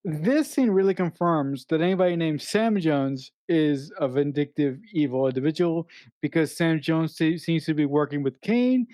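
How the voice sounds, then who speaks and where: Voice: medium pitch, normal speed, warm tone, dry recording, studio quality. A podcast co-host in casual film review chat, earnest and teasing, often restarting sentences.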